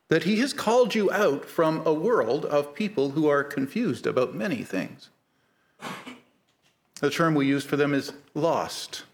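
A middle-aged man preaching a sermon, earnest and measured, slowing down to stress key points. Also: fairly high pitch. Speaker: pastor.

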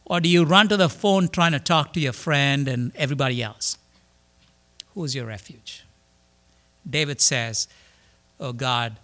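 Male preacher, somewhat high voice, bright tone, emphatic sermon, repeats words, questions the listeners. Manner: rises to emphatic, loud declarations then drops low.

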